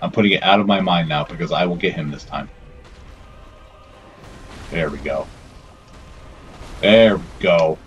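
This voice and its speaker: Deep-voiced man swearing through gameplay. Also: a little slow, pauses often, muffled recording, music in the background. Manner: swearing, self-scolding and talking to the game's characters. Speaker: gameplay commentator. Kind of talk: let's play commentary.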